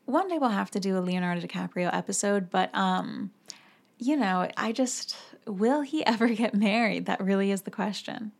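A woman's voice: medium pitch, moderate pace, vocal fry. Chatty young woman with a sore voice. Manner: chatty, filler-heavy, with many "like"s. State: sore, slightly hoarse voice. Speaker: podcast host. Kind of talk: casual chat.

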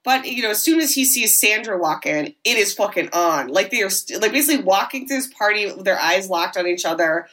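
A woman co-hosting a podcast, casually recapping a horror film in a chatty way with many quick asides. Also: mid-range voice, lively intonation, a bit bright. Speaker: podcast co-host.

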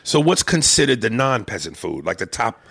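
A man hosting a podcast in casual chat, profane and excitable, tripping over his words. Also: mid-range voice, normal speed, vocal fry, breathy edge, dry recording, clean studio sound. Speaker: podcast host.

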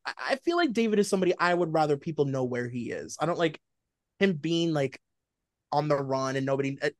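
A man's voice: fairly high pitch, fairly quick, no room sound, clean studio sound. Chatty man co-hosting a pop culture show. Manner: chatty, many "like" fillers, animated storytelling. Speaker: podcast co-host. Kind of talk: casual pop culture chat.

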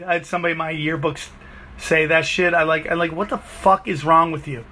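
A man's voice: a little high, normal speed. A man hosting a show, telling crude, rambling comic stories with lots of swearing. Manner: profane, rambling, animated storyteller. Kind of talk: comedic rambling monologue.

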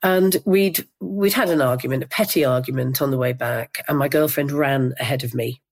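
Older woman, from Northeast England, low voice, interviewee, measured reflective storytelling. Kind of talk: recounting a personal memory.

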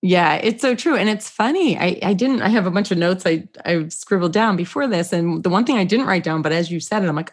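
A woman co-hosting a parenting podcast, chatting casually and telling stories with animated quoted voices and frequent laughter. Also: lowish voice, a little fast, hardly any pauses. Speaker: podcast co-host. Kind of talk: casual chat.

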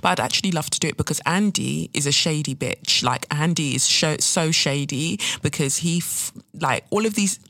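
A woman's voice: deep voice, moderate pace, creaky, few pauses, fairly bright tone, no echo, studio quality. A woman hosting a casual solo chat, ranting and swearing as she talks. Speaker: podcast host.

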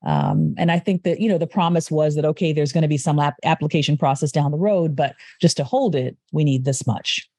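Chatty woman with a mellow, dry voice. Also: deep voice, dry recording. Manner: chatty, halting, with many restarts and laughs. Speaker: guest telling her story. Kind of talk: casual chat.

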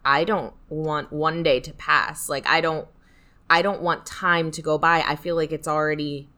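A young woman talks through a casual podcast chat in a bright, forward tone. She rambles with plenty of fillers and leans into her words with emphasis. Her voice sits a little low for a woman. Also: fairly even intonation, normal speed. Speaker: podcast co-host.

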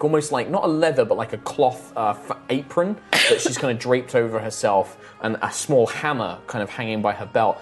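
A woman's voice: a bass voice, darkish tone. A woman narrating a tabletop role-playing game as game master, describing scenes in a loose, rambling way.

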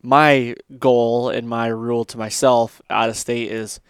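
A man's voice: mid-range voice, level tone, unhurried, clear, resonant tone, no room sound, studio quality. A man hosting a podcast, telling a long hunting story in a rambling, casual way with lots of fillers. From Michigan. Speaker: podcast host.

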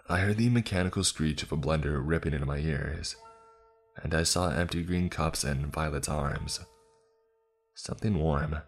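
A man narrating a scripted first-person horror story in a low, steady, grim manner. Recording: faint music bed. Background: faint music.

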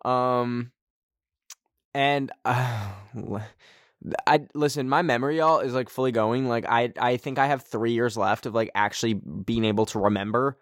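A man hosting a casual solo podcast from a friend's darkened bedroom, rambling and self-mocking, his pitch jumping up suddenly. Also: fairly even intonation, unhurried, dry recording, studio quality. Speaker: podcast host.

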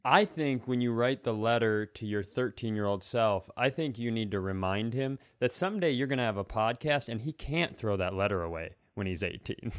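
A man's voice: fairly low pitch, animated, moderate pace, hardly any pauses, smooth, no echo, studio quality. A man co-hosting a podcast, riffing with playful bravado and mock-confident jokes. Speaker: podcast co-host. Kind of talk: casual comedic chat.

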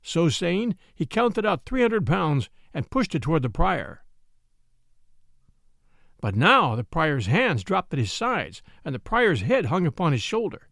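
A man narrating a classic adventure tale in a dramatic, expressive storybook reading. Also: fairly high pitch, measured pace, vocal fry, no room sound, studio quality.

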